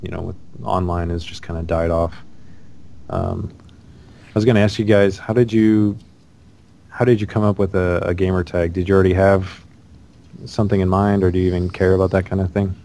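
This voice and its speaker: A man's voice: deep voice, flat delivery, brisk, vocal fry, mellow, a little hiss or hum. A man in casual conversation about video games, rambling with many ums and restarts.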